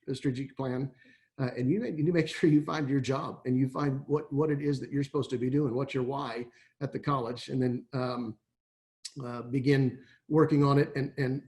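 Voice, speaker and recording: Over a video call, a middle-aged man from Texas who works as an athletic director delivers a webinar presentation in a mid-range voice with a darkish tone. The talk is folksy and meandering, full of fillers and false starts.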